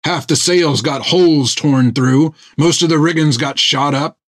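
A man voicing a gruff, stern one-legged old sailor who speaks in blunt rough seaman's dialect. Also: on the high side, measured pace, a bit bright, pitched above the performer's own voice.

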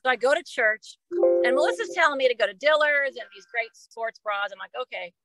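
A woman's voice: high-pitched, expressive, fairly quick, loud music behind the voice, low-quality recording. A middle-aged woman, a podcast guest, telling a personal story in a casual, emotional way and often repeating words. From Oklahoma.

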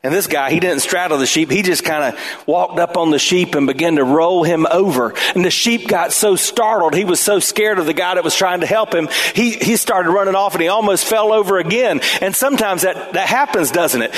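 A man preaching a sermon as pastor, emphatic and at times shouting. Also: a little high, moderate pace.

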